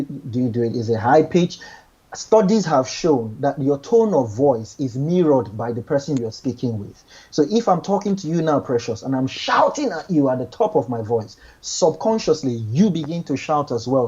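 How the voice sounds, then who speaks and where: A man's voice: medium pitch, expressive, moderate pace, warm tone, husky, dull audio. A man giving relationship advice in a casual chat, earnest, often repeating and restarting his words.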